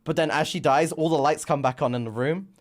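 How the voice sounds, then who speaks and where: A man's voice: a little high, fairly quick. A young man with a British accent, a streamer telling a rambling, made-up comic story in a casual, playful way. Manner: rambling and playful, acting out voices.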